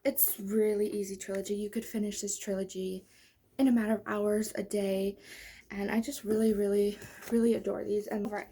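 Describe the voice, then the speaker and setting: A young woman book vlogger, sounding out of breath, chats casually about books she loves, rambling with many fillers and restarts. Her mid-range voice is warm and breathy, delivered flatly at a normal speed.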